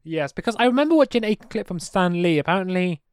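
Lively sarcastic man on a podcast. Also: sits high, fast, smooth, no echo, studio quality. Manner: sarcastic, chatty, answers with reasoning aloud. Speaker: podcast co-host, quiz contestant. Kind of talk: casual podcast chat.

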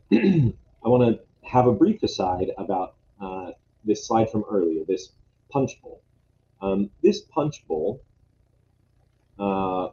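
A man's voice: lowish voice, mellow. A man presenting lodge history in a casual talk, hesitant and full of fillers and restarts. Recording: dull lo-fi sound, faint noise.

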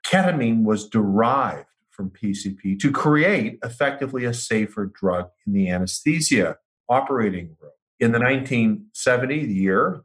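A man as an interview guest, explaining in a measured, methodical way. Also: mid-range voice. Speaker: psychiatrist guest.

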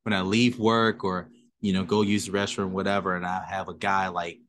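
A laid-back man co-hosting a podcast in casual chat, speaking easily at an unhurried pace. His voice sits a little lower than most men's. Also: flat delivery, fairly bright tone. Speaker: podcast co-host.

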